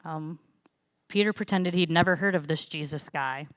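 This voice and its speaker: A woman's voice: sits low, normal speed, dry recording. A young woman preaching in church, telling a personal story in a conversational way with frequent fillers. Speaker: pastor. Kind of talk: sermon.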